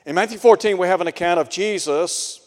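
A man preaching a radio sermon, slow and deliberate, asking his listeners pointed rhetorical questions. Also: high voice, long reverb tail.

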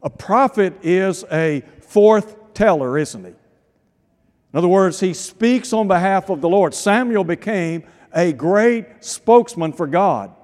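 A man preaching a sermon, reading scripture aloud and slowing down on key phrases for emphasis. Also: high-pitched, lively intonation, a little mellow. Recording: long hall reverb.

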